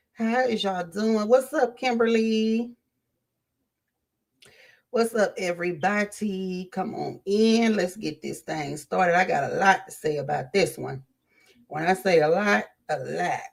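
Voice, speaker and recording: A woman with a Southern American accent talks casually to her livestream audience. Her voice sits at an ordinary middle pitch, and she drifts into asides to viewers, filling pauses with ums and false starts. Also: gravelly. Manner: chatty, greets viewers by name, frequent um and restarts. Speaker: livestream host.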